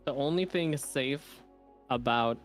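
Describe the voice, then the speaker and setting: A guest in a casual stream chat who delivers dry, dark jokes. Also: medium pitch, takes it slowly, soft background music.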